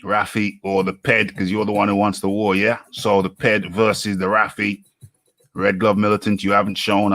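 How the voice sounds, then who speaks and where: A male host of a live-streamed talk show, chatting freely and breaking into laughs. His fairly low voice has a forceful, bright edge and sounds close and dry. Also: dry recording.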